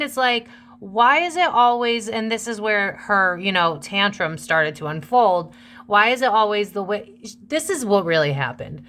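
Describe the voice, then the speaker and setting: A woman's voice: a little high, sharp tone. A young woman hosting a casual tarot reading, chatty and gossipy, calling her viewers besties. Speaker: tarot reader and channel host.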